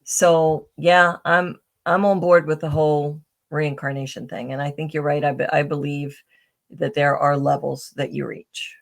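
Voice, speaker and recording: A woman's voice: low voice, little pitch movement, a little slow, vocal fry. A middle-aged woman, a podcast guest, telling personal stories in a chatty way with many fillers, restarts and a tag "right?". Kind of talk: casual interview storytelling.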